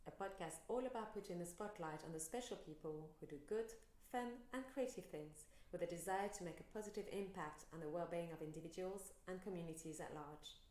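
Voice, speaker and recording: A woman's voice: on the low side, brisk, few pauses, darkish tone. A woman with a French and South African accent, hosting a podcast and reading a chatty introduction. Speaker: podcast host and yoga teacher. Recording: roomy echo.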